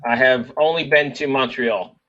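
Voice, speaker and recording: Bright-voiced playful male co-host. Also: mid-range voice, dull audio. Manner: playful, encouraging, quick to laugh. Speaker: podcast co-host. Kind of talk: casual podcast chat.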